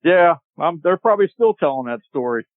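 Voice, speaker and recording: A man with a slightly raised voice tells a hunting story, animated and chatty, and acts out the shouts of his friends. His voice comes through a dry, narrow, phone-like connection. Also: a little high, brisk, dry recording. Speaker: podcast guest. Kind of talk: storytelling in a casual chat. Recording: tinny phone-like line, dry.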